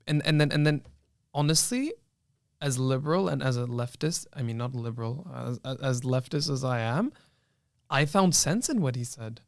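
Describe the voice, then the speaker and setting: A man's voice: medium pitch, moderate pace, darkish tone, smooth, no echo, studio quality. A young man, a law student, earnestly retelling a film in a casual panel discussion, with many restarts.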